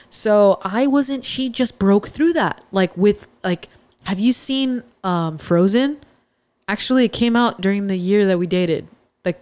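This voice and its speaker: A woman's voice: medium pitch, a little mellow, no echo. Woman rambling thru a personal story on her podcast, jokey, keeps cutting herself off, dry no-room sound. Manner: chatty, joking, self-interrupting. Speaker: podcast host.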